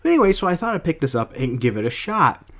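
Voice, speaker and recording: Rambling man with a lively voice. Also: a little high, fast. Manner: rambling, lots of fillers and self-corrections. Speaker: comic book reviewer. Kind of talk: casual review vlog.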